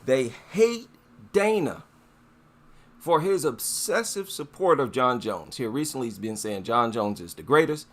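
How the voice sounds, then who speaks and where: A man hosting a casual monologue commentary, talking in a slow, deliberate way with filler words and repeated phrases. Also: lively intonation, a bit bright. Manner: drawn-out emphasis, rising pitch on stressed points. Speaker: commentary channel host.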